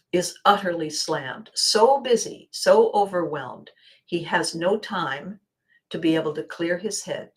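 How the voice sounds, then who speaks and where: A woman hosting a show, talking casually in an expressive, emphatic way with wide swings in loudness. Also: low-pitched. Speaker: host. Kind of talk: casual monologue.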